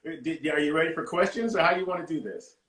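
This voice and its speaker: A man's voice: on the high side, racing. An older man who is the host's father, talking as a guest in a jovial, hype-man way. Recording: echoey room with loud noise.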